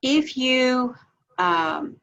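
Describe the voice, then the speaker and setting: A woman interviewing a candidate, asking friendly, halting questions with many fillers. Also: high-pitched, lively intonation, gravelly, fairly bright tone. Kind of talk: casual interview. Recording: muffled recording.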